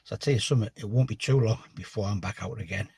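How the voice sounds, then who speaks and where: A middle-aged man, chatting to camera on a mountain path, self-mocking and a little out of breath, often trailing off quietly. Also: lowish voice, very fast, vocal fry. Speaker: hiking vlogger. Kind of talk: casual talk to camera. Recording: outdoor wind and ambience noise.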